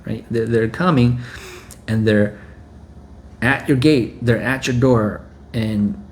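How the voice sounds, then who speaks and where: A man's voice: mid-range voice, slow pace, long pauses, a little mellow. A male preacher delivering an exhorting sermon, repeating phrases and often checking with a "right?".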